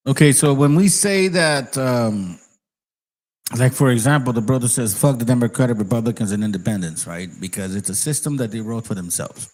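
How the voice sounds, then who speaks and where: A man's voice: mid-range voice, low-quality recording. A man hosting a channel who reacts to clips in a blunt, profane, street-casual way. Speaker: channel host. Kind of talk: reaction commentary.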